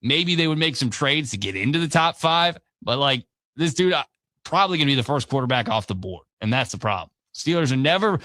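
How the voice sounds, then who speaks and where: A man's voice: medium pitch, animated, pushed and bright, no echo. A man hosting sports radio talk, casual and opinionated. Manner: casual, opinionated, quick asides. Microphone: studio mic.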